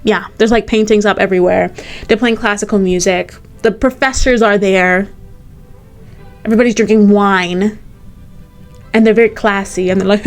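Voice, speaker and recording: An American woman vlogging, telling a casual storytime anecdote in a chatty, animated way, full of "like" fillers. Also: mid-range voice, fairly quick, faint music behind. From United States.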